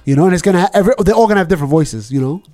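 Fast-talking New man, mellow tone. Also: sits high, no room sound, faint music behind. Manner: animated, slips into quick impressions. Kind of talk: casual chat.

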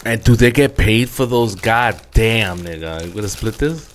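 A man with a fairly low voice, co-hosting a live stream in loose chat. He teases his partner bluntly. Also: animated, normal speed. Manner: teasing, blunt banter. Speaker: stream co-host.

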